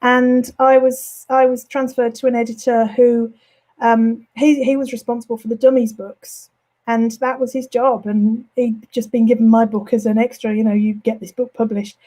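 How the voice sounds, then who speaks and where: A woman author with a mild Birmingham accent and flat vowels, going a bit hoarse, chatting in an interview with lots of ums and self-corrections. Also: on the high side, normal speed, poor audio. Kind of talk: casual interview chat. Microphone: home studio setup.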